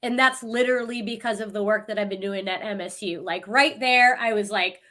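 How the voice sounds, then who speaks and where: This middle-aged woman, a guest on a podcast, has a mid-range voice and talks a bit quickly. Her casual storytelling is animated and punctuated by frequent laughter.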